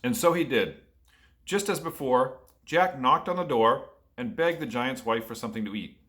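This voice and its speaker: A man's voice: mid-range voice, normal speed, fairly bright tone. A man reading a picture book aloud to children and asking them questions along the way. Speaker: storyteller for children.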